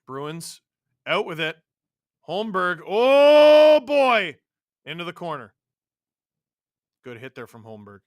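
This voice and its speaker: A male host watching a hockey game live, calling the plays, reacting loudly and reading out chat messages. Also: fairly high pitch, expressive, measured pace, pauses often, no echo, highs cut off. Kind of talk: live watch-along commentary and chat replies.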